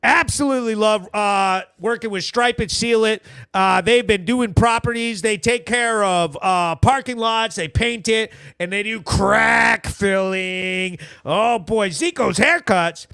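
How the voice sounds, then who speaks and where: A man hosting a local news recap show in loud, slangy, profane casual commentary with sponsor shout-outs. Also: sits high, unhurried, vocal fry, hardly any pauses, clear, resonant tone, no echo, clean studio sound. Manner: hyped, profane, slangy, emphatic.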